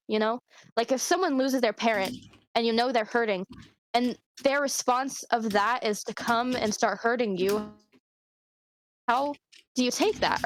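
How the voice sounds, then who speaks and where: Young woman confiding, candid and rambling. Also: on the high side. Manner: open, rambling, emotional confiding with frequent swearing. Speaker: podcast co-host. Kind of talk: casual chat.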